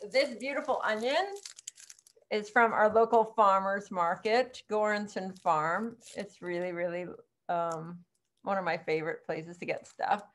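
A woman's voice: mid-range voice, measured pace. A middle-aged woman teaching an online cooking class in a chatty, rambling way, with frequent ums and laughs.

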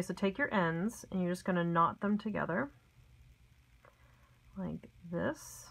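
A woman's voice: medium pitch, gravelly, fairly bright tone, poor audio. A middle-aged woman giving a casual, step-by-step craft lesson at her desk at home, chatty and homey with frequent ums and asides. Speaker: craft tutorial host.

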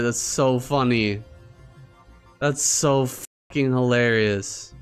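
Excitable, foul-mouthed man commentating a game. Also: mid-range voice, a little slow, pauses often, soft background music. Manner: excitable, swearing, mocking, laughing often. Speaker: gaming streamer. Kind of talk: casual gameplay commentary.

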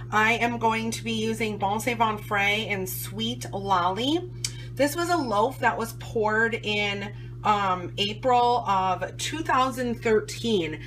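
A hoarse, short-of-breath woman with an Upper Midwest American accent, chatting casually in a home vlog with lots of fillers. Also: mid-range voice, fairly bright tone, a little hiss or hum. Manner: rambling, chatty, many fillers. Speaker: vlogger. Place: at home indoors.

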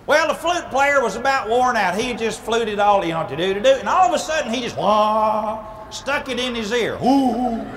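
A man, a humorist minister telling an animated, playful comic story at a live speaking event. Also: extremely high pitch, moderate pace, hardly any pauses, a little hiss or hum. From Southern United States. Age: 40s.

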